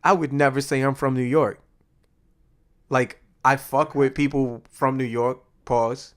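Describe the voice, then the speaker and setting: Podcast co-host, a man from Boston, mid-pitched voice, animated casual storyteller who acts out each line. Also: unhurried. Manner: animated storyteller, acts out dialogue, swears freely.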